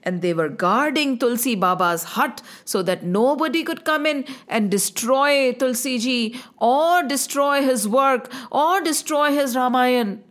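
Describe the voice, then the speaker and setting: A woman telling a devotional story to a child in an animated way, often asking the listener questions. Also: high-pitched, unhurried, few pauses.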